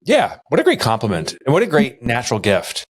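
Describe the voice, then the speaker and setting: A man co-hosting a podcast, telling stories in casual chat and mimicking others in a high voice. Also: huge pitch swings, brisk. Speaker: podcast co-host.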